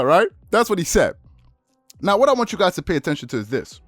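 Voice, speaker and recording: A man hosting a sports commentary video, retelling a debate in an animated, quick way. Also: high voice, no echo, clean studio sound, faint music behind.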